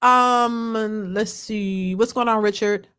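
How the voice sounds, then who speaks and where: A woman hosting a casual live stream, telling a funny story in an animated, colloquial way and answering chat comments. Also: mid-range voice, takes it slowly, clear, resonant tone. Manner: animated, laughing, colloquial, swings from loud to hushed.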